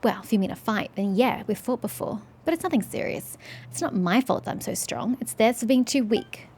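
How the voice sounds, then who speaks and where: A woman's voice: fairly high pitch, lively intonation, brisk, a little mellow, husky. A woman voicing a boastful, scrappy young gang boy in a game, cocky and bragging.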